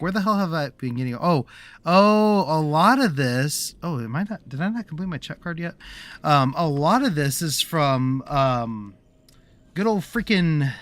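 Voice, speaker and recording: A man's voice: fairly high pitch, a bit bright. A man livestreaming a game and chatting to his viewers in a rambling, casual way, restarting his sentences often. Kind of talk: casual gameplay commentary.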